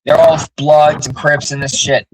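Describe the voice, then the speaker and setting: A man's voice: on the high side, level tone, normal speed, breathy edge, no room sound, rough recording. A man hosting a livestream, telling blunt, profane stories in casual chat. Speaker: livestream host.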